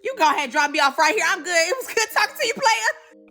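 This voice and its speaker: A woman's voice: very high voice, very animated, fast, pushed and bright, faint music behind, voice pushed up, full character voice. A woman voicing a young sailor man who gets nervous and then curtly brushes someone off. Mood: dismissive.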